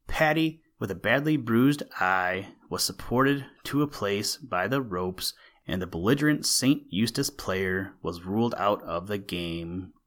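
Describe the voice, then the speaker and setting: A man narrating an old-fashioned school story in a steady, expressive reading. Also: lowish voice, measured pace.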